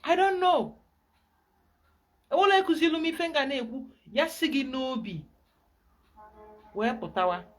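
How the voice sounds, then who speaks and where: A woman with a Nigerian accent, a spiritual guide giving an emphatic, animated teaching talk. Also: high-pitched, a little fast, long pauses.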